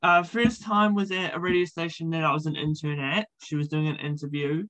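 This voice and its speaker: A man's voice: a little high, level tone, a little fast, sharp tone, rough recording. A man, chatting casually in an interview, with frequent ums and uhs. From New Zealand. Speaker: podcast host being interviewed.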